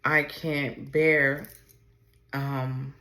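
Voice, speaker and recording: Slow, low-voiced woman, tearful and halting. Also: level tone, a bit bright. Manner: halting, emotional, fighting back tears. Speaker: podcast host. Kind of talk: personal podcast talk on camera. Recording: roomy echo.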